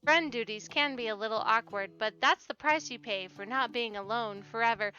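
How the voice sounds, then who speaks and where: Bright, giggly woman playing a game. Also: fairly high pitch, moderate pace, hardly any pauses. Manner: giggly, sarcastic asides. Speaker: let's-play host. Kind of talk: game playthrough with reading and commentary. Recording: dull lo-fi with background game music.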